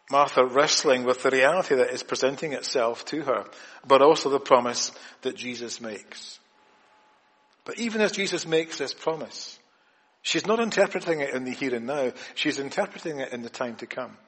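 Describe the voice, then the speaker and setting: A man delivers a sermon in a church with a long echo trailing after his words. His voice sits at a middle pitch. He builds to loud, emphatic points, then drops to hushed, quiet lines. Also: animated, normal speed. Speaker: preacher. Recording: long hall reverb.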